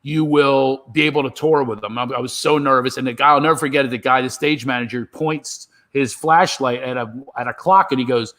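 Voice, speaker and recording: A man telling a lively comedy anecdote on a video call, acting out other people's voices as he goes. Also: medium pitch, brisk, few pauses. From Philadelphia. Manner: animated storyteller, acts out voices. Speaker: comedian guest. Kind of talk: storytelling chat.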